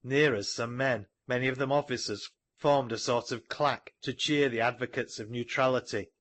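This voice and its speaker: A man reading an audiobook in a measured storytelling manner, recorded close to the mic. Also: medium pitch, steady tone, fairly bright tone, no echo. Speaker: audiobook narrator. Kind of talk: scripted narration.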